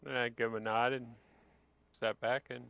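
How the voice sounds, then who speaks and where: A man's voice: medium pitch, flat delivery, normal speed, gravelly, smooth, no room sound. A man with a mid-range voice speaks his character's farewells in an easy, casual way during a tabletop game. His recording is dry and sounds dull. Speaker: player. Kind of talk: in-character tabletop role-play.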